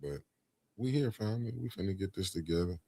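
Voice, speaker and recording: A man with a very low voice hosts a casual live stream, warmly greeting viewers by name as family and beloved. He keeps chatting while he sorts out sharing the stream. The recording is close and dry. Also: lively intonation, a little fast, no echo.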